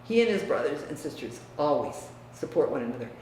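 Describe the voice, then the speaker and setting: An older woman from the US Midwest, reminiscing about her family in a frank, emphatic way that often drops quiet. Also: deep voice, sing-song, quick pace. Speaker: interviewee. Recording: echoey room, distant mic, faint hiss.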